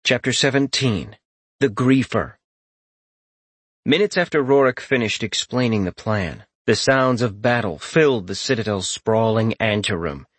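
A man reading a fantasy audiobook in steady, even storytelling narration. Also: on the low side, measured pace, slightly rough, dry recording.

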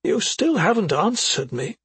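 A woman's voice: medium pitch, very animated, measured pace, breathy edge, no echo, pitched above the performer's own voice, heavily acted. A man reading an audiobook, voicing a worried middle-aged mother who questions her son sharply and skeptically. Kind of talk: audiobook character voice.

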